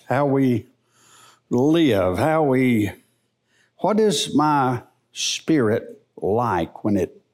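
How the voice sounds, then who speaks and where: A middle-aged man teaching the Bible in a church service, in a folksy, unhurried preaching manner. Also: medium pitch. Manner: slow, animated, folksy preaching.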